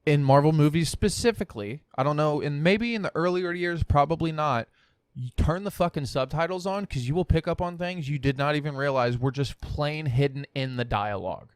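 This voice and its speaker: A man co-hosting a casual podcast, excitable and quick to swear, often talking over his partner. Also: on the high side, smooth, no room sound, clean studio sound. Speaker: podcast co-host. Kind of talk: casual chat.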